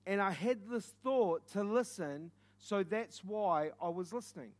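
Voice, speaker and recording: A man, an evangelist, telling an earnest and intense testimony as a sermon, building from quiet reflection to loud urgency. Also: sits high, unhurried. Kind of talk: preaching testimony.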